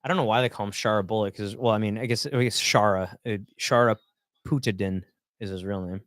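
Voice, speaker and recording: A man's voice: lowish voice, brisk, a bit bright, dry recording. A man co-hosting a casual podcast, chatting and laughing while watching fights and reading out fighter bios. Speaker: podcast co-host.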